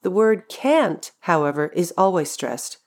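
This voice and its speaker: Slightly low-voiced woman teaching pronunciation. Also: lively intonation, a little slow, darkish tone. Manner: careful, clearly articulated, demonstrates example phrases. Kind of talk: scripted instructional narration.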